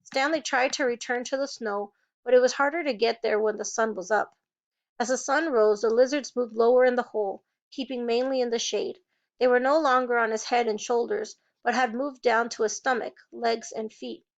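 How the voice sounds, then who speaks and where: A woman's voice: a little high, fairly even intonation, normal speed, dull audio. A woman reading a novel aloud, changing her voice to play each character. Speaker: reader.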